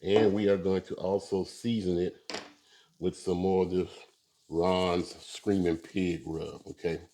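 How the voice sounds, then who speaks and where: A man with a low, mellow voice hosts a laid-back barbecue video outdoors at his grill. He chats to viewers in a relaxed way, dropping plenty of "uh"s as he works. His tone stays dark and unhurried. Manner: relaxed, talks to viewers with many fillers. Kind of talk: casual cooking demonstration.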